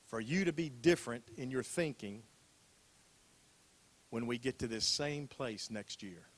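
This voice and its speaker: A man's voice: medium pitch, animated, unhurried. An older man preaching a sermon as a pastor, talking in a conversational way, repeating phrases and asking rhetorical questions.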